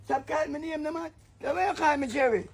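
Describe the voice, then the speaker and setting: High-voiced man bantering. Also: quick pace, over a noisy crowd. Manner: boisterous, jokey, repeats "yeah, man". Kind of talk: comic patois banter.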